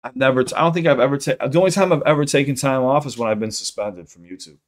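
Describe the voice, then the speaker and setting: A young man from Chicago with a Chicago accent, chatting casually on a livestream while high, rambling and swearing often. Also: fast. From South Side of Chicago. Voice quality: rambling, profane, repeats himself. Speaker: streamer.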